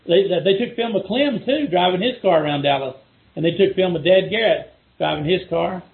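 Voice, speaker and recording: Texan man, middle-aged guest, gravelly, rambling with restarts, phone-thin audio. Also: sits high, lively intonation, fairly quick, phone-quality sound. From Texas. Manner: rambling, many restarts and repeated words. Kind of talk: casual chat over a call.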